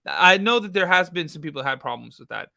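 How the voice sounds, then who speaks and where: Bright blunt man streaming a reaction. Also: on the high side, animated, fast, gravelly, dry recording, clean studio sound. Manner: loud, blunt, talks to chat. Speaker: true crime reaction streamer. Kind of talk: live reaction commentary.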